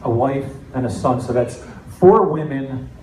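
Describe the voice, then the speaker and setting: A middle-aged man from New Jersey doing a stand-up comedy set with deadpan, self-mocking storytelling. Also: mid-range voice, measured pace, recorded from a distance. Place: comedy club stage. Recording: echoey club with audience noise. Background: audience laughter.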